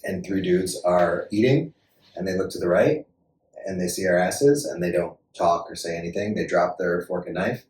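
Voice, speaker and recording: An American actor as a podcast guest, telling a story in a lively, laughing way and acting out voices. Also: male voice, sits low, normal speed, slight background noise. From United States. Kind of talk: animated storytelling. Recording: roomy room, distant mic.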